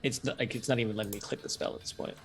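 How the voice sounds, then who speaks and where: A player in an online tabletop game, speaking slowly with many fillers. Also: mid-range voice, breathy edge, faint music behind. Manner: relaxed, slow, many fillers.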